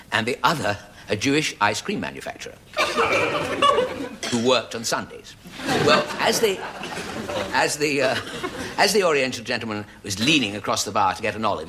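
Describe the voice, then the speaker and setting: A man telling a rambling comic story on stage in a dry, deadpan way. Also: medium pitch, slight background noise. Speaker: comedian. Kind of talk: stage monologue before a live audience.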